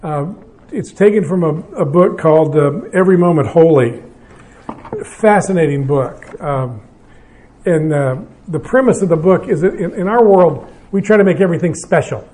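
An older male pastor speaking to a gathered audience at an evening marriage seminar. His voice sits a little higher than most men's but has a mellow, warm tone. He talks conversationally, joking at his own expense and often restarting his sentences. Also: animated, normal speed. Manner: conversational, self-deprecating, with frequent restarts.

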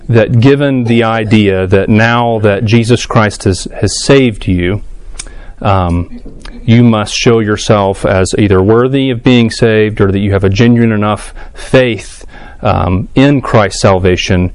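A man with a fairly low, slightly mellow voice speaks slowly while leading a casual adult church class. He thinks aloud with ums and restarts, putting questions to the group.

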